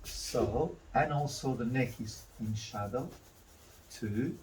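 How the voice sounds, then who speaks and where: A man's voice: mid-range voice, slow, a little mellow, distant mic, slight background noise, poor audio. A man teaching a drawing demonstration, talking through each step and correcting himself as he goes. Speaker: art instructor.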